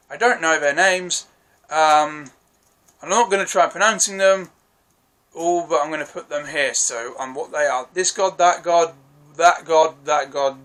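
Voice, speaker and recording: A young man talks through a TV episode in a casual solo vlog. His voice sits a little high and sounds bright and tense, and he rambles eagerly with frequent self-corrections and apologies. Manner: enthusiastic, rambling, swears freely. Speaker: TV episode reviewer.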